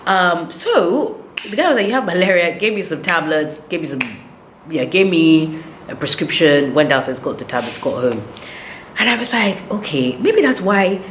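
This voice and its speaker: A woman's voice: deep voice, very animated, moderate pace, a bit bright, echoey room, slight background noise. A woman, animatedly retelling a story in a casual vlog, with indignant quoted dialogue. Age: 30s. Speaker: vlogger.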